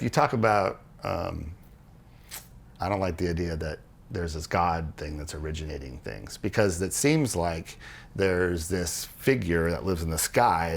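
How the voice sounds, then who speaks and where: Low gravelly man explaining earnestly. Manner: earnest, animated storytelling with restarts and quoted dialogue. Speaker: podcast co-host explaining religious history. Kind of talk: casual conversational explanation.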